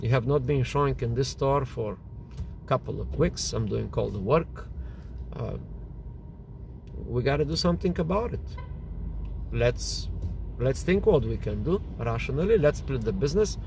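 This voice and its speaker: A man acting out a calm male business partner who speaks in a low, measured way. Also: gravelly, a little hiss or hum. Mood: cool.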